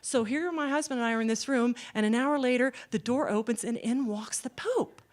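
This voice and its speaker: A middle-aged woman giving an animated, folksy talk to a Christian gathering, with lots of "okay?" asides. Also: fairly high pitch, brisk. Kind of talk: storytelling talk.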